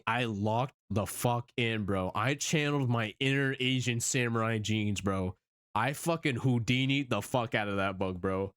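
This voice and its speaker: A young man streamer telling a story in casual chat, animated, swearing often and laughing as he goes. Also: medium pitch, no echo, clean studio sound.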